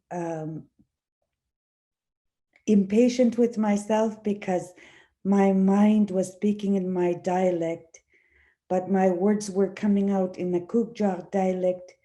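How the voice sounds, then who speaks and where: A woman from Igloolik whose first language is Inuktitut, speaking as an actress on a panel in a slow, searching way with many fillers and restarts. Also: mid-range voice, warm tone. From Igloolik, Nunavut. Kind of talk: panel discussion answer.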